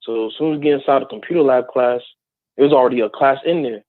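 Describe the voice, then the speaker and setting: A man from New Jersey calling in to tell a personal story in a casual, halting way. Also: medium pitch, dry recording. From Plainfield, New Jersey, USA. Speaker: caller. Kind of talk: call-in storytelling. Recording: tinny phone line, dry.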